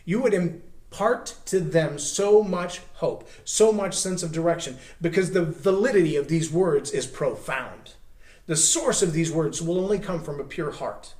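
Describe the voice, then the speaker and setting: A man, an author and personal growth speaker, giving motivational teaching to the camera in an earnest, urging way that slows down to hammer home key words. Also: fairly high pitch, darkish tone, echoey room.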